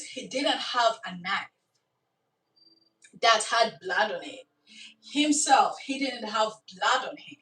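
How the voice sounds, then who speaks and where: A woman tells a dramatic story in a casual, lively way, breaking off for asides to her listener. Her voice sits a bit high and carries the echo of a bare room. She is some distance from the mic. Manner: animated, dramatic retelling with asides. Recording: echoey room, from far off.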